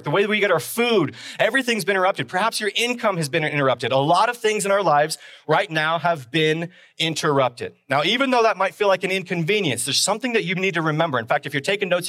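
A man's voice: a little high, a bit bright, no echo. A man preaching a sermon as pastor on a live stream, talking conversationally and driving points home with repeated phrases and rhetorical questions.

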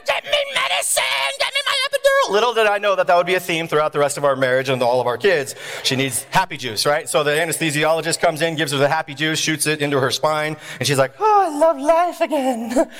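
A man in his thirties, preaching through a comic story from his life. His voice sits a little high and swings widely as he acts out each person, breaking into shouts and chuckles. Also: long reverb tail. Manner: animated storyteller acting out voices, with shouts and laughs. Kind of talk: humorous sermon storytelling.

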